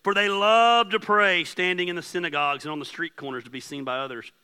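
A pastor in his forties preaching with a sharp, forceful, fairly high voice. He talks to the congregation in a conversational, self-deprecating way and builds to impassioned peaks. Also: steady tone, fast, clean tone. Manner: impassioned, rising to near-shouting. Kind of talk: sermon.

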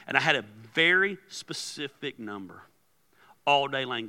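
Animated pastor preaching in a big hall. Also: male voice, mid-range voice, unhurried. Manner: animated, acts out quoted prayers and voices. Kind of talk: sermon. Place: large church hall. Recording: long hall reverb.

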